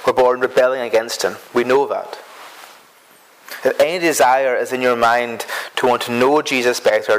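A man's voice: medium pitch, rough recording. A man preaching an earnest sermon who often repeats himself and stumbles over words as he builds his points.

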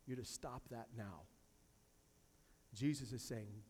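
A man's voice: medium pitch, takes it slowly, a little mellow, husky, long reverb tail. A man preaching a sermon as pastor, emphatic, repeating key phrases and quoting scripture from a church sanctuary.

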